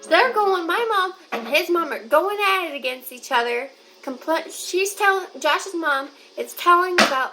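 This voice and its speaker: A woman's voice: high-pitched, normal speed, over loud music, poor audio. A young woman vlogger telling a personal story, talking straight to her viewers in a chatty way. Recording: clear steady background noise.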